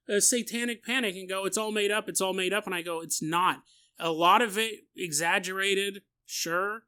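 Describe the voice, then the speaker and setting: A man's voice: sits high, pushed and bright. A man hosting a podcast live stream, chatting casually and rambling, laughing now and then. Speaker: podcast host.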